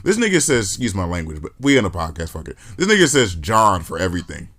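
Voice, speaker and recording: Lively low-voiced man hosting a podcast. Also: fast talker. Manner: animated, profane, joking storyteller. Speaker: podcast host. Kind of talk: casual podcast chat.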